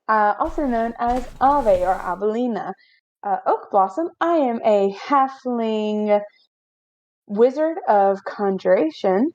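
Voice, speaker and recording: A woman's voice: mid-range voice, a little mellow, dull audio. A woman introducing her character in casual chat, chatty and giggly, on an online call. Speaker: player.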